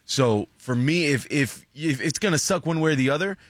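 A man's voice: on the high side, expressive, normal speed, no echo. A man co-hosting a radio show, giving his opinions in an earnest, casual way. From United States. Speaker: radio co-host.

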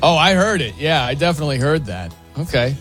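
A man's voice: fairly high pitch, very animated, fairly quick, a bit bright, soft background music. A man hosting a sports talk radio show, bantering and teasing his co-hosts with energy and frequent laughs.

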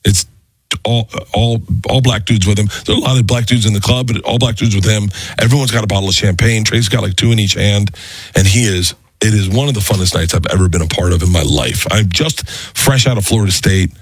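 A comedian in his thirties telling a rambling, animated, self-mocking story in casual chat. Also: lowish voice, brisk, husky, no room sound.

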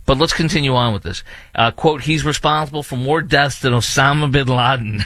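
A man's voice: medium pitch, a little fast, a bit bright, no echo. A man hosting an opinionated commentary monologue, indignant and repetitive, with many fillers and restarts. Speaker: political commentary host.

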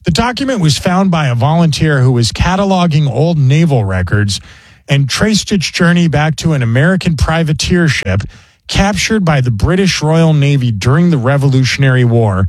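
A man's voice: fairly high pitch, expressive, moderate pace, no echo. A man hosting a radio show, telling jokey stories in casual banter. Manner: jokey storyteller, mock pronunciations.

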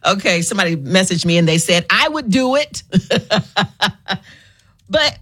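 A woman's voice: mid-range voice, animated, normal speed, fairly bright tone. A woman hosting a radio call-in, playful and laughing often as she coaches callers through a game. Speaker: radio host. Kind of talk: casual call-in chat.

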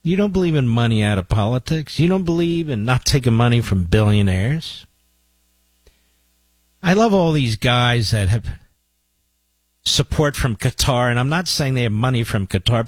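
Male talk radio host, sarcastic and combative, husky close-mic studio voice. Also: medium pitch, expressive, normal speed, no room sound. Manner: sarcastic, mocking asides to his producer. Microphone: studio microphone.

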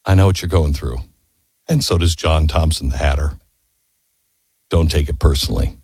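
A man voicing a wry old man who offers quiet, knowing comfort to a young friend. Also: very deep voice, moderate pace, husky, no room sound, clean studio sound, voice pushed down, exaggerated voice. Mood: consoling.

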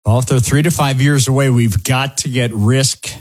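A man's voice: mid-range voice, normal speed, darkish tone. A man from the United States hosting a financial talk show as an advisor, speaking in a wry, sarcastic, folksy way.

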